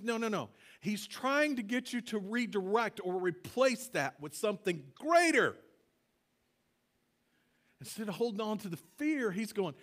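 High-voiced earnest male pastor preaching. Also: animated, fairly bright tone. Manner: earnest, halting, leads congregation call-and-response. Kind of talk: conversational sermon. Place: church sanctuary.

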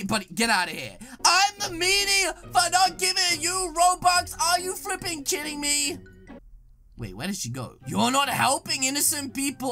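A woman giving excitable gaming commentary, reacting with dramatic exclamations. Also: extremely high pitch. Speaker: gaming YouTuber.

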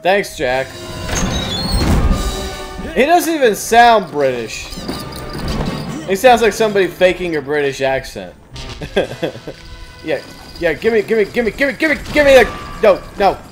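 A man's voice: high voice, very animated, takes it slowly, pauses often. A man giving profane, trash-talking commentary while playing a video game. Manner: loud, swearing, trash-talking enemies. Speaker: let's play gamer. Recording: game music behind.

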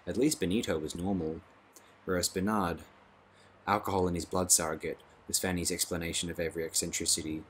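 A man narrating an audiobook in a measured, dry reading. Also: sits low, husky.

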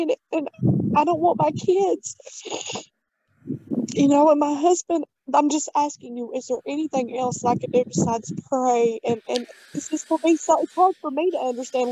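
A woman's voice: high voice, moderate pace, warm tone, low-quality recording. A woman, a tearful caller asking a hesitant, heartfelt question. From Tennessee, US.

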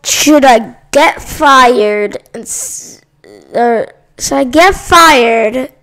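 A woman's voice: high voice, animated, extremely slow, a bit bright. A female gamer talking through a silly role-play game in a playful, goofy way. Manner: playful, goofy, jumps between put-on voices.

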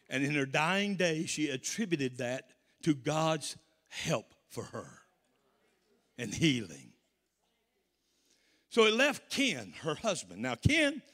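A man from the American South with a Southern accent, preaching a sermon with call-and-response and rising to shouts. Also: a little high, big-room sound.

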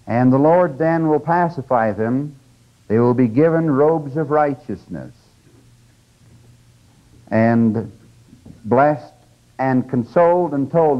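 Older male lecturer, raised pitch, conversational and emphatic, dull old lecture tape. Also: expressive, takes it slowly, pauses often. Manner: conversational, emphatic teaching with asides. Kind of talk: religious lecture.

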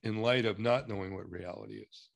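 Direct American consultant questioning a client. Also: male voice, on the low side, creaky. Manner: direct, probing questions, quick to laugh. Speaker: structural consultant. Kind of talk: coaching consultation.

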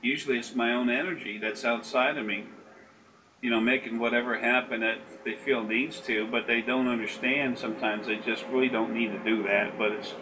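A man's voice: mid-range voice, steady tone, fairly quick, recorded from a distance, background noise. A man talking as a spiritual consultant in a casual, rambling, folksy way, often acting out voices in his stories.

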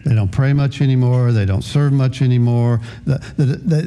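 A man's voice: mid-range voice, moderate pace, dark tone. A man in his sixties preaching a sermon as a pastor, often repeating words as he starts a phrase.

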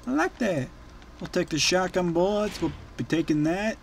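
An excitable young man runs his let's play commentary, often breaking into shouts and cackles. His voice sits high and swings widely in pitch. A faint hiss sits under the recording. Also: moderate pace, creaky. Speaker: gaming channel host.

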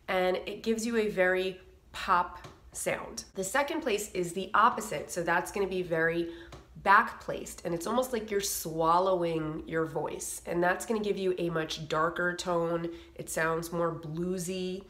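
A woman teaching a singing lesson, talking clearly to camera and dropping in quick sung and nasal demonstrations. Her voice is bright and forceful, sitting a little low for a woman. The room around her echoes. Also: steady tone. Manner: explains with sung demos and nasal sound effects. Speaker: vocal coach.

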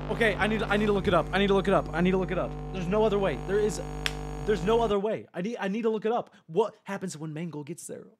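A man streaming a horror game live, joking with his chat, swearing and getting excitable. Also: high-pitched, fast talker, loud music behind the voice. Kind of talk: live gameplay commentary.

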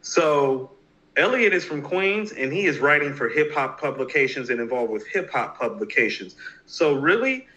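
Man, bright slightly high voice, animated and emphatic, casual podcast talk, dull lo-fi audio. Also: normal speed. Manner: animated, emphatic, rambling with restarts. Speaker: podcast co-host. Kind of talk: casual hip hop discussion.

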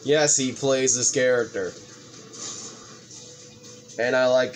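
A man hosting a let's play, commentating excitedly with frequent swearing and sudden outbursts. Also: medium pitch, slow, faint music behind. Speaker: gaming video host.

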